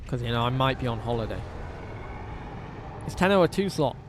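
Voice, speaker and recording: Lively man streaming a game. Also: mid-range voice, fairly quick, slight background noise. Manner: chatty, answers chat, swears often. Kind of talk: casual live-stream chat.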